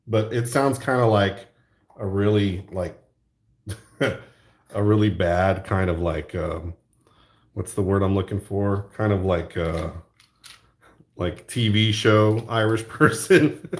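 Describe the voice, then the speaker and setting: A man's voice: fairly low pitch, slow, pauses often. A young man from the American South with a Southern accent, chatting casually and rambling on a livestream, reading chat and laughing often. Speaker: livestream host.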